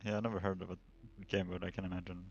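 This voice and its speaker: Gravelly, low-key man, quietly amused. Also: little pitch movement, racing, dry recording, lo-fi sound. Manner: laid-back, quietly amused, soft-spoken. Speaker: co-host, game artist. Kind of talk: casual chat on a dev livestream.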